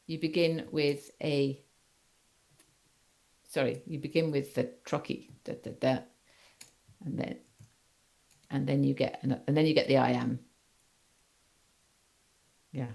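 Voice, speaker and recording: A woman with a low voice leads a class, pausing often on fillers and restarts. She keeps checking in with the students as she explains. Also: vocal fry, darkish tone. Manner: halting, many fillers, checks understanding. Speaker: teacher. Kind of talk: university seminar lecture.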